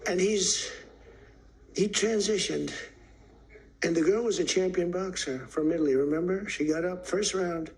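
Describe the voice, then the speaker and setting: A man speaking as president delivers a rambling, off-the-cuff speech, emphatic and repetitive, animatedly acting out the stories and quotes he tells. His voice is high-pitched and a little slow, with frequent pauses, on a rough recording.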